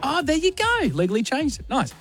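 High-voiced radio host. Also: male voice, a little fast, soft background music. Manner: friendly, questioning, stammering when excited. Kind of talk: breakfast radio banter. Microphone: studio microphone.

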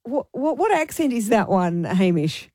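An Irish woman from Ireland hosting a radio show, chatting casually in an animated, easily flustered way and laughing often. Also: on the high side, moderate pace, no echo, clean studio sound. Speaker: radio host.

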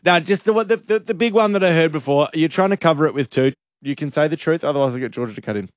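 A man's voice: fairly high pitch, dry recording, studio quality. A man hosting a radio show, teasing his co-host and producer in casual chat. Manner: teasing, quick, jokey.

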